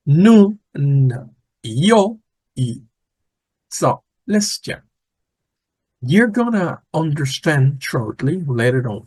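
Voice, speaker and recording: A man teaching a language lesson, patiently repeating words slowly and clearly. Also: on the high side, a little mellow, no echo, low-quality recording.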